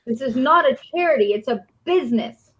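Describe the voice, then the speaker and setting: A woman's voice: high-pitched, lively intonation, fairly quick, breathy edge, low-quality recording. Blunt, swearing woman podcast host. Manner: blunt, swears, reads news aloud. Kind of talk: casual livestream chat.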